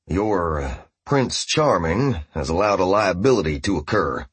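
A man voicing a curt, gruff male handler who talks in terse, coded phrases. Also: low voice, animated, measured pace, dry recording, exaggerated voice.

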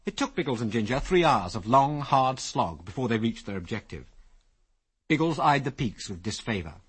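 A man narrating an adventure story as an audiobook, with lively, expressive storytelling. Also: medium pitch, normal speed, slightly rough.

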